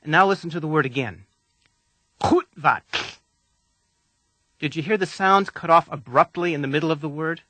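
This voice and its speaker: Bright-voiced man coaching pronunciation. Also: on the high side, no room sound. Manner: calm, deliberate, patient coaching. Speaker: language instructor. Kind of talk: scripted instructional narration.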